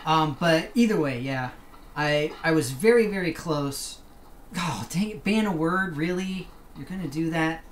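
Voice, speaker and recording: A man's voice: on the high side, normal speed, a bit bright. A man streaming a video game, chatting and joking with his viewers in casual commentary. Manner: chatty, joking banter with chat.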